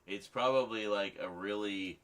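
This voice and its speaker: A man's voice: lowish voice, moderate pace, a bit bright. A man hosting a late-night livestream, chatting casually with viewers and rambling with many restarts. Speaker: livestream host. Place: home at night.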